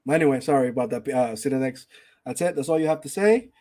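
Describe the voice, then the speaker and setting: A man's voice: mid-range voice, fast talker, mellow. A man hosting a casual gaming podcast, ranting with heavy profanity and reading out chat names. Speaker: podcast host.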